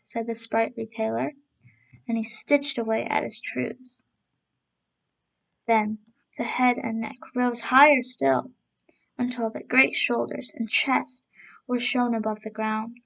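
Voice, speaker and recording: A woman reading a storybook aloud as a storyteller, in a steady, even-paced read-aloud manner, on a dull lo-fi recording. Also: fairly high pitch, takes it slowly, vocal fry, long pauses.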